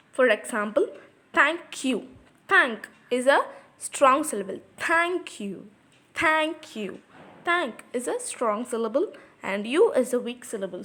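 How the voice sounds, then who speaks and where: High-pitched woman teacher going slow over poetry terms, says example words twice, non-native english grammar. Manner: slow, explaining patiently; repeats example words aloud. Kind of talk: English literature lesson.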